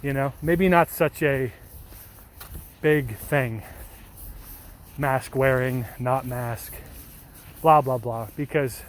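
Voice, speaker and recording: A man's voice: medium pitch, slow, long pauses. A man chatting casually with viewers, reading their comments aloud in a rambling, self-deprecating way and swearing now and then. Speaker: streamer reading chat.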